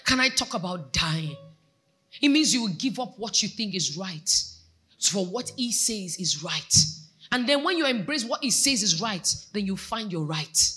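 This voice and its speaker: A woman's voice: mid-range voice, animated, measured pace, bright, forceful tone. A Nigerian woman pastor preaching a sermon, exhorting her congregation and asking them questions. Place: church.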